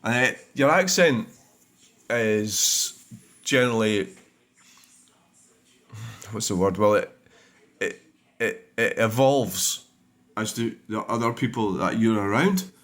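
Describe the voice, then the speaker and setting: A man's voice: lowish voice, slow, long pauses, fairly bright tone. A middle-aged Scottish man hosting his own channel, rambling bluntly and swearing freely while he reads through viewer comments. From Scotland. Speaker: dashcam channel host. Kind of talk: casual vlog talk while reviewing comments.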